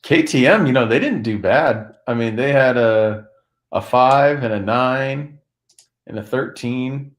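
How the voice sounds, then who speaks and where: A man's voice: medium pitch, a little slow. An American man co-hosting a podcast, easygoing and agreeable, hesitating often as he talks. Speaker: podcast co-host. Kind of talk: casual chat.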